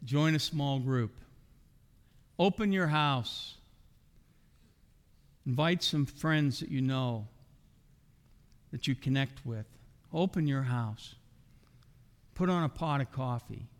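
A man's voice: medium pitch, slow pace, pauses often. A middle-aged man preaching a sermon as a pastor, asking the congregation rhetorical questions. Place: church sanctuary. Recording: long hall reverb.

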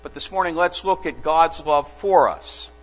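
A man preaching a sermon as a pastor, telling stories slowly and earnestly with dramatic pauses. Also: on the high side. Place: church sanctuary. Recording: dull lo-fi church recording with long reverb and mains hum.

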